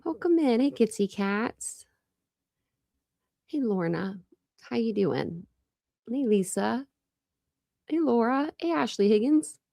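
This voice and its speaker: Woman from ohio chatting on her true crime livestream, bit of vocal fry, dry sound, says um and like a lot. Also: a little high, expressive, takes it slowly, long pauses, mellow, dry recording. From Ohio, United States. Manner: chatty, greets viewers by name, many fillers. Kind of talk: casual livestream chat.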